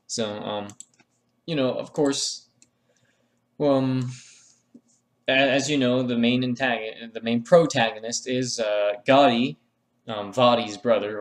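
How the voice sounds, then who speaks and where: A man talking through a drawing tutorial in a meandering, joking voice-over full of fillers and restarts. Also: medium pitch. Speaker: art tutorial creator. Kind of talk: rambling comedic voice-over.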